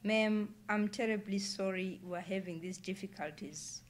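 A woman's voice: mid-range voice, steady tone, measured pace, natural voice. A woman author voicing a polite, apologetic young customer service agent on the phone, read aloud from a novel.

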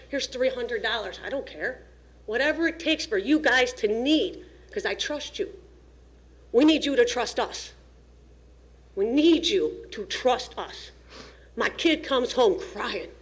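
A woman giving an emotional, pleading public comment at a school district meeting, nervous and shaking as she speaks into a podium microphone. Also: a little high. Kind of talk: impassioned public comment speech.

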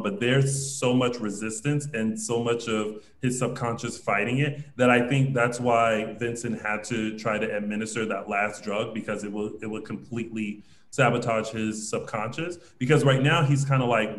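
A man's voice: medium pitch, steady tone, normal speed, few pauses, fairly bright tone. A man co-hosting a casual chat, reading out viewer comments as he recaps a soap opera. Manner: conversational, reads out viewer comments. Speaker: co-host. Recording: echoey room sound.

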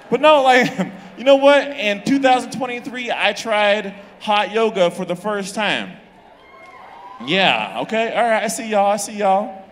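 A young male comedian works a club crowd with crude, animated bits, often laughing at his own jokes. His voice sits high and swings widely. A long reverb hangs on every line, with faint room noise behind him. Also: slow. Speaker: stand-up comedian. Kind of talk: stand-up set.

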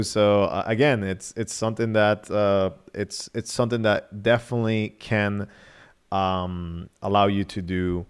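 A man's voice: lowish voice, flat delivery, measured pace, smooth. Rambling man hosting a phone review livestream. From Nicaragua. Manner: rambling, many fillers and restarts. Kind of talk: casual live-stream talk.

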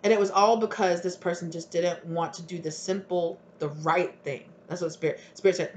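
A woman giving a casual tarot reading, telling a story in an animated way and acting out the voices of the people in it. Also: fairly low pitch, normal speed, few pauses. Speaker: tarot reader.

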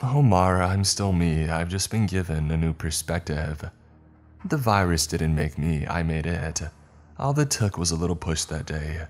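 A man's voice: low-pitched, lively intonation, moderate pace, a little mellow. A man voicing a gleeful, cruel teenage girl who taunts in a sing-song, giggling way. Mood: taunting.

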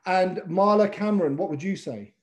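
A man with an English accent, a pitch coach teaching a webinar over a video call in a playful way, calling on participants by name. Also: normal speed. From England.

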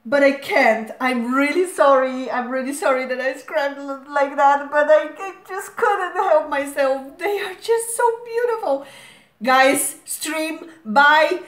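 A woman hosting a reaction video, gushing as an excited fan with a hoarse voice worn out from screaming. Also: high voice, takes it slowly. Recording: echoey room.

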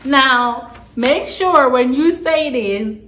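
A young woman from Jamaica casually telling a story to her camera, animated and laughing, swinging between quiet asides and loud outbursts. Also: high voice, very slow. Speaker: vlogger. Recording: echoey room.

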